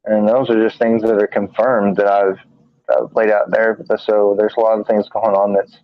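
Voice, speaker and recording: A man co-hosting a live paranormal talk stream, speaking in a halting, tired monotone with many fillers and restarts. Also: lowish voice, no room sound. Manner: monotone, tired from little sleep. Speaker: paranormal investigator and show co-host. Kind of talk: casual live-stream chat. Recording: dry, dull lo-fi stream audio.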